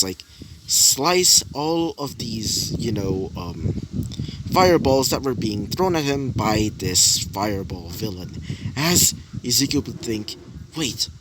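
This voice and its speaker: A young man improvising a fan-fiction story aloud, rambling with lots of fillers and repeated phrasing. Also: medium pitch. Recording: noisy home recording.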